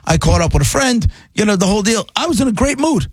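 A middle-aged man telling a long story in casual chat, animated and rambling, often checking in with the listener. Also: high-pitched, fast talker, slightly rough, dry recording. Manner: animated, rambling, repeats "right?".

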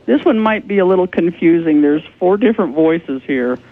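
A paranormal investigator calling in as a radio guest, explaining earnestly. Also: female voice, on the low side, animated, moderate pace. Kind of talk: radio interview. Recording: tinny phone line.

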